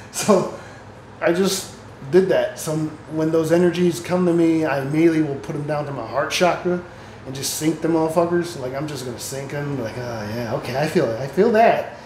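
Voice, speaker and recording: A man's voice: a little high, normal speed, darkish tone, reverberant, slight background noise, poor audio. A man talking in a casual, rambling spiritual monologue, swearing freely and laughing often as he talks. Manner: rambling, profane, laughs often, reads passages aloud. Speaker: spiritual vlogger.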